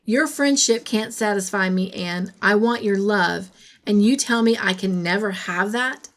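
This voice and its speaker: A woman reading the lines of an earnest, lovestruck young man in a storybook, speaking quietly. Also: medium pitch, unhurried, close to an everyday voice.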